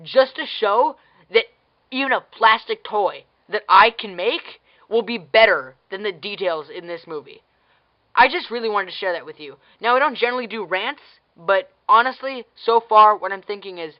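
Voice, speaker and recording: A woman's voice: medium pitch, normal speed, highs cut off. A woman giving a casual ranting movie review as a vlogger, blunt and sarcastic, swearing freely and firing off exasperated questions.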